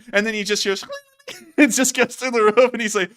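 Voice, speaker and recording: A man hosting casual commentary on war footage, joking and excitable and quick to laugh. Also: very high-pitched, clean tone. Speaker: host.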